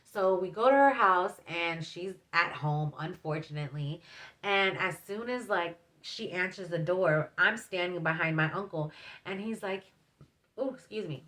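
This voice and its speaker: A woman vlogger tells a storytime in a chatty, rambling way, filling it with fillers and asides to her viewers. Her voice sits slightly low. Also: a little slow, a bit bright. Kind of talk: casual storytime.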